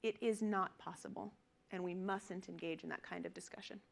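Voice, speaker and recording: A woman's voice: on the low side, steady tone, moderate pace, gravelly. A middle-aged woman physician giving a conference presentation, earnest and emphatic, acting out quotes from her patients. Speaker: physician lecturer.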